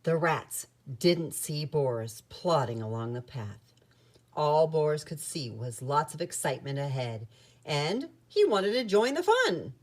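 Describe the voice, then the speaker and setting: With a low-sitting voice and an unhurried pace, a woman reads aloud from a children's picture book, expressive and sing-song as she tells the story.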